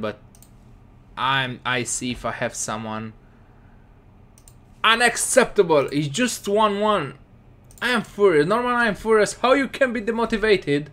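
A man with casually commentating his football game, excitable and scolding his players. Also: on the high side. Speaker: gaming commentator.

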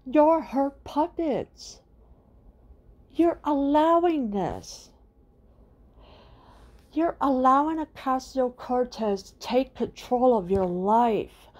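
A woman's voice: sits high, lively intonation, slow pace, pauses often, a little mellow. A middle-aged woman hosting her own channel, delivering an indignant political rant and firing off repeated rhetorical questions. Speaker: channel host.

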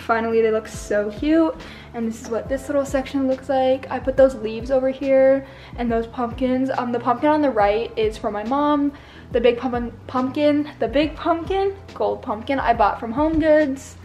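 A woman's voice: sits high, fairly even intonation, normal speed, a little mellow. A young woman giving a casual room tour vlog, bubbly and gushing, slightly out of breath. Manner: bubbly, gushing, repeats "so cute". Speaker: vlogger.

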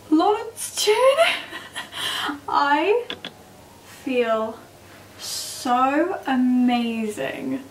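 A young woman chatting excitably and giggling through a casual makeup vlog at home. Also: sits high, a little hiss or hum. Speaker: makeup vlogger. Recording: roomy, distant mic with background music.

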